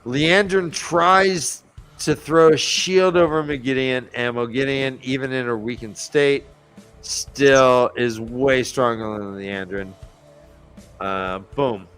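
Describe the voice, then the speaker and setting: A man in relaxed podcast chat, walking through a book's chapters and playing the characters' lines himself. He speaks slowly at an ordinary pitch. Faint music sits under his voice. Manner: animated retelling, acts out characters' lines. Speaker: podcast host recapping book chapters. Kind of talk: casual chat.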